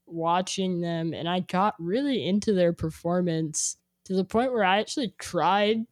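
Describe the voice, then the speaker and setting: A young adult woman chatting casually, rambling and filling her speech with "like", growing animated when she quotes herself. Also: lowish voice, measured pace, dry recording, studio quality. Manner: rambling, heavy use of "like", animated when quoting. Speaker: guest sharing a playlist. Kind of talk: casual chat.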